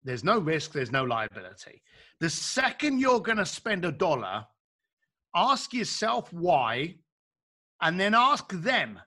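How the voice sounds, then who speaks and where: Slightly high-voiced and slow-paced, this male coach talks casually but with emphasis. He stays animated throughout, performing little exchanges to illustrate what he means.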